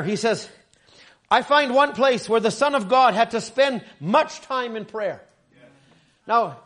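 High-voiced stammering male preacher. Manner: stammering restarts, rising to shouts. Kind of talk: sermon.

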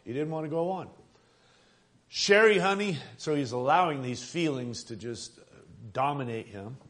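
A man preaching a sermon, speaking haltingly with many fillers and restarts. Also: medium pitch. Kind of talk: sermon with a read-aloud story.

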